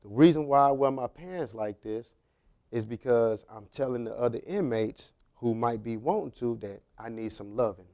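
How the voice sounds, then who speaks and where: A man voicing a long-serving male inmate who speaks in a low, hushed, confiding way. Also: moderate pace, natural voice.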